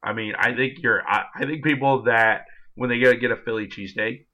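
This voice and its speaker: A man's voice: medium pitch, fairly even intonation, brisk, sharp tone. A man in his twenties co-hosting a casual sports podcast, rambling with many fillers. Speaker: podcast co-host. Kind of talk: casual chat. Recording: dull lo-fi sound.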